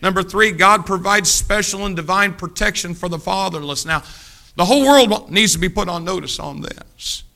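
An older man preaching a sermon, telling stories, moving between hushed asides and emphatic points. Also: high-pitched, normal speed, creaky.

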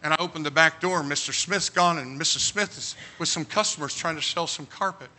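Male preacher, high sharp voice, comic animated storyteller who breaks into shouts. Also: brisk, slight background noise. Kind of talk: humorous storytelling sermon.

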